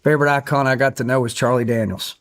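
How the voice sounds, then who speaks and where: A middle-aged man with a drawl tells a story in an interview, slow and earnest. His voice sits at an ordinary pitch for a man. He brings the people in his stories to life as he talks. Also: fairly even intonation, fairly bright tone. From Tennessee, USA. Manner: earnest storyteller, acts out quotes. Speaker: guest, country singer.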